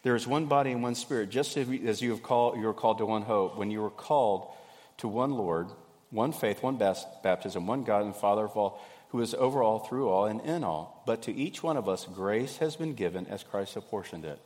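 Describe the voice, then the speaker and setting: Man in his fifties, folksy animated preacher, long hall reverb. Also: fairly low pitch, a little fast. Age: 50s. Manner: folksy, animated, acts out little scenes. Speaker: pastor. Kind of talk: sermon.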